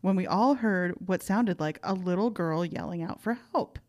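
A woman's voice: lowish voice, normal speed, a little mellow. Giggly woman co-hosting a podcast. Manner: giggly, bantering. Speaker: podcast co-host. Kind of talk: casual chat, reading posts aloud.

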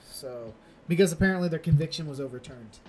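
A man's voice: on the high side, a little fast, a crowd in the background. A man co-hosting a casual news podcast, rambling through stories with lots of fillers and restarts. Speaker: podcast co-host.

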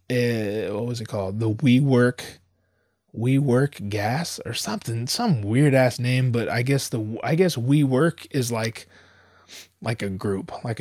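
A man's voice: fairly low pitch, no echo, studio quality. Profane young man telling a story. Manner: profane, animated, many restarts. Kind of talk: casual storytelling monologue.

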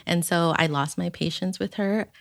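A mother speaks as a guest and shares a parenting story in a candid, heartfelt way. Her voice is very low for a woman and the recording is dry and close. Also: fairly even intonation, normal speed, creaky, no room sound. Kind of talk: personal storytelling.

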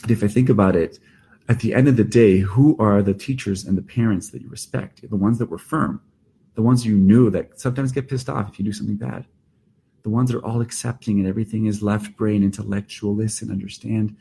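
A man's voice: on the low side, steady tone, a little fast, gravelly, dark tone, slight background noise. A middle-aged man, a therapist speaking in an earnest, reflective podcast monologue with emphatic restarts. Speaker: therapist and workshop leader.

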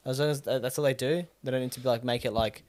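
Young guy on a podcast, middle pitch, lots of ums and restarts. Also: steady tone, quick pace, darkish tone. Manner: hesitant, trails off and restarts a lot. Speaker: podcast co-host. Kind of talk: casual chat.

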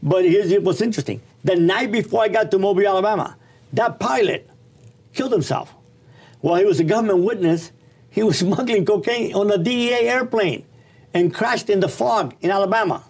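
A middle-aged man telling his life story in a casual, animated, slangy and blunt way. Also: high-pitched, a little fast, husky.

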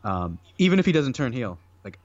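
A man's voice: mid-range voice, big pitch swings, fairly quick, no echo, lo-fi sound. A man co-hosting a casual podcast chat, talking loosely with lots of fillers and frequent laughs. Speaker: podcast co-host.

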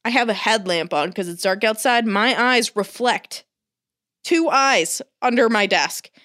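A woman's voice: a little high, measured pace. A woman telling a story in casual, profane chat, acting out what people and animals said. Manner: animated, swears a lot, acts out quotes.

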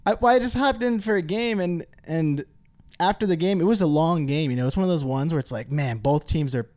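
A man co-hosting a podcast, joking and getting excited in casual chat. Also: fairly high pitch, fairly quick. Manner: joking, excitable, says bro and dude. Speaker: podcast co-host.

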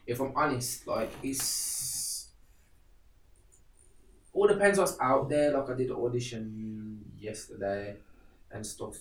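A man, an actor chatting as a podcast guest in a lively, slangy way, full of "innit" and "you know what I mean". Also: mid-range voice, takes it slowly, pauses often. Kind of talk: casual chat. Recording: roomy, somewhat distant mic.

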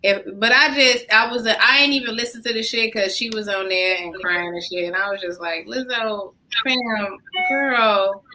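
A woman co-hosting a casual chat, talking in a blunt, profane and animated way. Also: mid-range voice, a little fast, hardly any pauses, slight background noise, low-quality recording.

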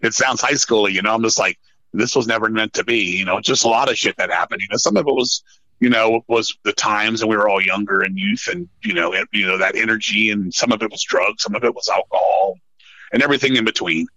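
A middle-aged man telling stories in a casual podcast chat, swearing often and rambling in an animated way. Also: on the low side, quick pace, no echo, low-quality recording. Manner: profane, animated, rambling storyteller. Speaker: podcast guest, metal musician.

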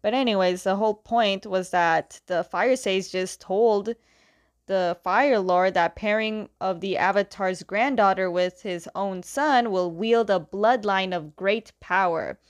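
A woman chats through a story recap, loose and conversational, constantly slipping into "he's like" quotes. Her voice sits in a middle pitch. The recording is dry and close. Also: measured pace, dry recording. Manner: chatty, retells scenes with "he's like" quotes. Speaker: comic recap talker. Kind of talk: casual recap chat.

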